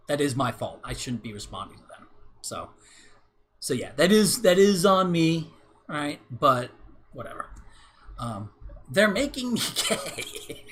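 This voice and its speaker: A man's voice: a little high, pushed and bright. A man hosting a casual livestream, ranting in a rambling, repetitive way, tagging his points with "right?" and swearing often. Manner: rambling and repetitive, heavy "right?" tags, profane. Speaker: livestream host.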